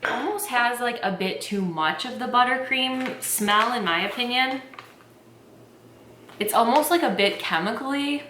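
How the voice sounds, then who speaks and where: A young adult woman chatting excitedly to camera as a tea vlogger, filling her talk with "like". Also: a little high, measured pace, reverberant, a little hiss or hum. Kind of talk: casual chat to camera.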